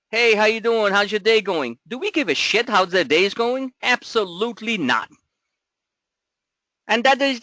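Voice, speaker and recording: A man's voice: high-pitched, sharp tone, dry recording. A man coaching traders in a live webinar, talking bluntly and emphatically, firing off rhetorical questions and casual swearing. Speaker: trading coach. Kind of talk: live market commentary webinar.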